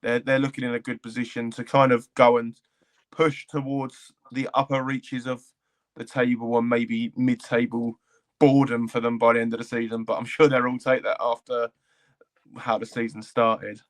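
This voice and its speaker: A man with a mid-pitched, monotone voice co-hosts a casual football podcast. He rambles through his points, stumbling over repeated words and stopping to correct himself. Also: normal speed. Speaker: podcast co-host.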